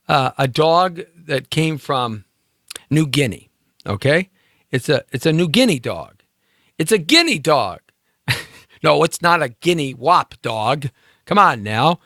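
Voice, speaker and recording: A man's voice: mid-range voice, fairly bright tone, dry recording, clean studio sound. A man hosting a live talk show, musing and joking in a rambling way, with many fillers. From United States. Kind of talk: rambling live-stream monologue.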